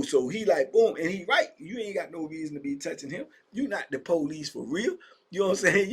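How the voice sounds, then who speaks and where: A husky, slightly high-voiced man with a Southern accent from Virginia tells casual stories about life in prison. He's animated, drawls street slang, and acts out the voices of inmates and guards.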